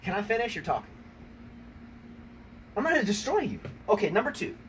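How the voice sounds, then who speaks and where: A man's voice: high voice, sing-song, a little fast. An American man hosting a tennis talk show, playfully trash-talking his wife in a rambling, teasing way. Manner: teasing, rambling, repeats "number one, okay?". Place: outdoors on a rainy day. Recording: distant mic with faint ambient noise.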